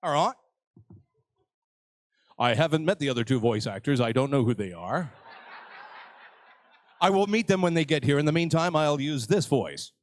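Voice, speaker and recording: A man's voice: a little high, animated, normal speed, long pauses, dry recording. An older man hosting a live convention panel, joking with the crowd and mocking himself. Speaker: panel host. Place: convention stage.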